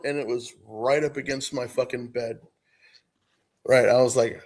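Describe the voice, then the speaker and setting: A man's voice: medium pitch, a little slow. A middle-aged man on a podcast, telling a profane story in casual chat, often laughing. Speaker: podcast co-host.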